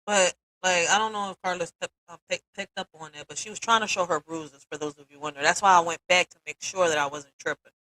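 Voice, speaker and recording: A woman hosting a casual livestream, candid and quick to swear and laugh. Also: on the low side, fairly even intonation, pushed and bright, no room sound, poor audio. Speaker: livestream host.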